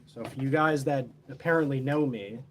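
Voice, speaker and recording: A man's voice: mid-range voice, moderate pace, slight background noise. A man telling a story in a casual, boastful, heavily profane, rambling way.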